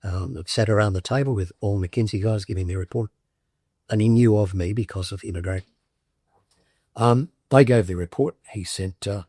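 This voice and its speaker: Older aussie guy, husky lowish voice, telling his story plain and matter-of-fact, dry close sound. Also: normal speed, dark tone, dry recording. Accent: Australian. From Australia. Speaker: veteran interviewee. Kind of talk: documentary interview, recounting a career.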